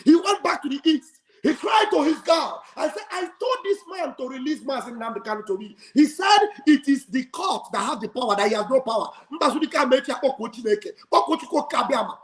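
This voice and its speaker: A man hosting a livestream, giving a fiery, preacher-like speech full of shouting and call and response. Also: very high voice, lively intonation, fairly quick. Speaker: livestream host. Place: home livestream studio.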